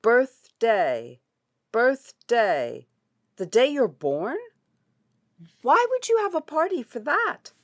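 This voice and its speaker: A woman's voice: a little high, wildly swooping pitch, takes it slowly, long pauses, no echo, clean studio sound, pitched above the performer's own voice, full character voice. A woman voicing a mischievous axe-swinging Viking boy with a blunt, shrugging manner.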